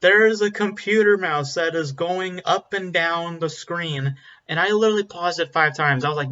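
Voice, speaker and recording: Male film reviewer, bright forceful voice, blunt and rambling, slightly dull lo-fi audio. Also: on the high side, moderate pace. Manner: blunt, rambling, frequent ums and restarts. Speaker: movie reviewer. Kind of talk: casual spoken film review.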